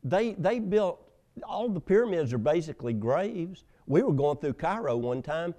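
Preacher guy, lively swings up and down, loud then quiet asides. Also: a little high, normal speed. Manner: animated storytelling preacher, swinging between loud emphasis and hushed asides. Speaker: pastor. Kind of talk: sermon.

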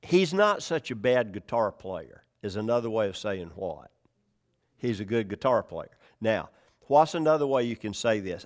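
A man's voice: lowish voice, very animated, moderate pace. A man preaching a conversational verse-by-verse sermon, asking his listeners questions and adding folksy jokes. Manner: conversational, checks in with the congregation, asks questions; folksy humor. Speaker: pastor. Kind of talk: sermon, verse-by-verse Bible teaching.

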